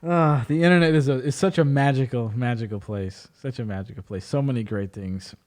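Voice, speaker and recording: A podcast host in casual chat, telling stories in an animated way and calling his friends bro and dude. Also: mid-range voice, brisk. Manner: animated storyteller, says bro and dude often.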